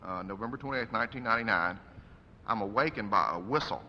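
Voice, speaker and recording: A man's voice: fairly low pitch, fast talker, bright, forceful tone, slight background noise. A man delivering an earnest, preacherly eulogy for his father at a funeral service. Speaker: son giving a eulogy. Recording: echoey hall, dull lo-fi sound.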